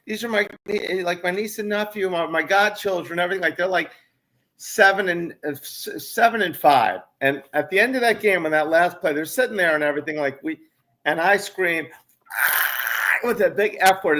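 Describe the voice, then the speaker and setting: A man trading game-day stories on a sports podcast, his voice bright and forceful and pitched a touch high. He tells things in an animated way, acting out his own shouts. The sound comes through a video call. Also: normal speed. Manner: animated storyteller who acts out his own yells. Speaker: podcast co-host. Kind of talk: casual sports chat.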